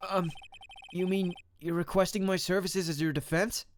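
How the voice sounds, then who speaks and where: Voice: mid-range voice, fairly even intonation, moderate pace, slight background noise, pitched above the performer's own voice, natural voice. A streamer voicing an earnest young male defense lawyer in a courtroom video game. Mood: determined.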